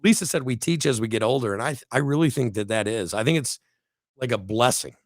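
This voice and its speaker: A man's voice: mid-range voice, quick pace, no echo, clean studio sound. A middle-aged man co-hosting a casual talk show, rambling and preachy, acting out little quotes as he goes. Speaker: podcast co-host. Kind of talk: casual motivational chat.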